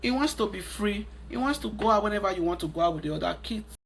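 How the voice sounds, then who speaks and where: A woman's voice: mid-range voice, animated, fast, vocal fry, slight background noise. A woman with a Nigerian accent giving emphatic, preachy parenting advice in a monologue, repeating her points. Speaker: parenting vlogger.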